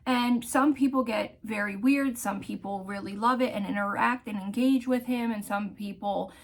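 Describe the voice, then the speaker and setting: A woman vlogger telling a personal story in a candid, heartfelt way, often pausing to search for words. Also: medium pitch, vocal fry. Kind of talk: casual storytelling vlog.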